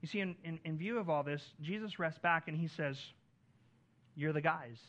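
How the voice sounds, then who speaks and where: A man preaching a sermon, his voice high and bright with a forward, forceful edge. He is earnest, rising on key points and falling quiet on others. The recording sounds a little dull and lo-fi. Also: a little fast. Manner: earnest preaching, rises on key lines and drops soft on others. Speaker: pastor.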